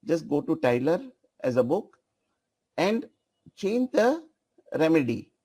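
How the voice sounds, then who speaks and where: Slow-talking man demonstrating an app. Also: a little high, big pitch swings, warm tone, husky. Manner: repeats phrases, directs an assistant at the controls. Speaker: software trainer. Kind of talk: live software demonstration.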